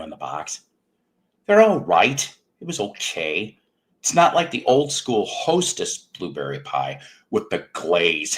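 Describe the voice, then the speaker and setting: A man's voice: low voice, a bit bright. A man hosting a livestream show from home, talking in a rambling, self-mocking, jokey way. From United States. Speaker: livestream music show host. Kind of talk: casual livestream chat.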